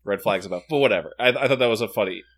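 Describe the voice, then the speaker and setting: A man co-hosting a casual book discussion, animated and joking, often restarting his sentences. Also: on the low side, very fast, slightly rough. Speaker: podcast co-host.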